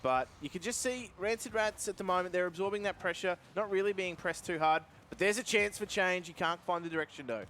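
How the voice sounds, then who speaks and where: A man calling live esports play-by-play in a lively, upbeat way. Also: sits high, brisk, hardly any pauses, a little hiss or hum. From Australia. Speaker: esports commentator.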